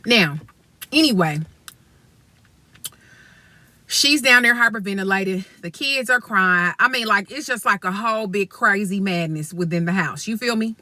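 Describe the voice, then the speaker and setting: A woman vlogger telling a long story in a bright, forceful voice. She talks bluntly and emphatically, swearing often and addressing viewers directly. The sound is dry and close. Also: medium pitch, animated, normal speed, long pauses, no room sound. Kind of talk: storytime vlog.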